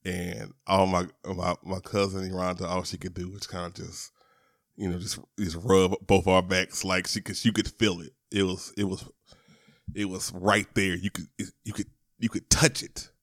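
Deep-voiced man telling a podcast story. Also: level tone, moderate pace, a bit bright, no echo, clean studio sound. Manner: chatty, repeats and restarts words, addresses listeners as y'all. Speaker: podcast host. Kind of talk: casual storytelling monologue. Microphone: podcast microphone.

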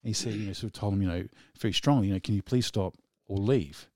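A man's voice: fairly low pitch, fast talker, darkish tone, dry recording, studio quality. A man co-hosting a music show, chatting casually in a rambling way, full of fillers and laughter. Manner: rambling, full of "you know" and "like", laughs often. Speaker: radio show co-host. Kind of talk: casual chat between songs.

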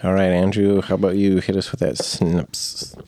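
A man's voice: low-pitched, level tone, brisk, dark tone, no room sound. A man hosting a casual podcast chat, joking and playful as he steers the talk. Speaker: podcast host.

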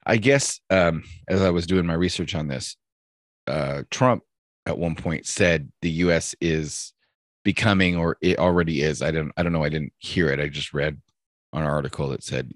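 A man with a very low, deep voice, chatting casually and crudely with a co-host. He tells animated stories over a close, dry microphone with no room sound. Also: moderate pace, dry recording. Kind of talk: casual chat.

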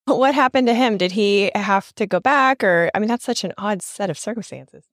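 A woman's voice: mid-range voice, moderate pace, no room sound, clean studio sound. A woman hosting a podcast, asking questions and reading sponsor ads in an upbeat, friendly way. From United States. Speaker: podcast host. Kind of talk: casual interview and ad reads.

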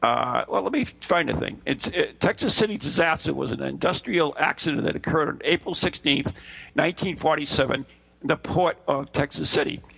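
A man's voice: on the high side, a little fast, vocal fry, fairly bright tone, slightly rough. A man co-hosting a casual chat show, rambling and teasing, often stumbling over his words. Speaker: podcast co-host. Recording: voice breaking up over an online call.

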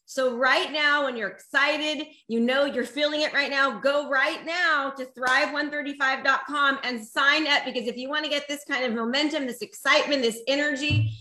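A woman host promotes an event with gushing excitement. Her voice is high and bright, and the room around her echoes. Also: normal speed, few pauses.

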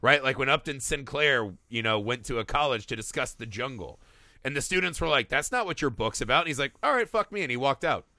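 A man in his thirties co-hosting a casual movie discussion, animated and profane, often acting out quotes. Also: mid-range voice, a little fast, no room sound. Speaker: podcast co-host.

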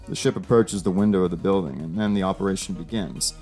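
A man narrating an audio story in a plain, steady reading voice. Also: low voice, quick pace, few pauses, faint music behind.

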